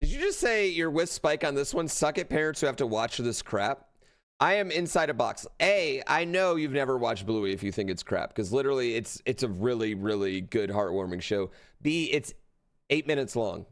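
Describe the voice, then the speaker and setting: A brash man reacting on his livestream, swearing freely and ribbing people on screen. His pitch sits in an ordinary middle range. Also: expressive, moderate pace. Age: adult parent. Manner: brash, profane, teasing. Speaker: streamer reacting to a speedrun event. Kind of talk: casual livestream commentary.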